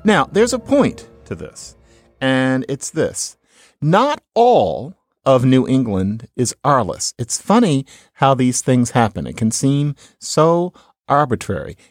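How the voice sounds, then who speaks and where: A man's voice: medium pitch, slow, dry recording, clean studio sound, soft background music. A middle-aged man hosting a podcast, giving a casual lecture on speech with wry asides. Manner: chatty, wry asides, lively intonation. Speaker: podcast host, linguist. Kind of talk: casual lecture with audio clips.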